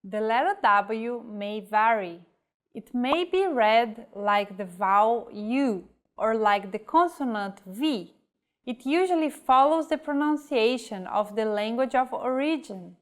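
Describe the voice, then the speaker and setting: A woman's voice: fairly high pitch, animated, takes it slowly. A woman teaching a scripted language lesson, carefully reading out example words one by one.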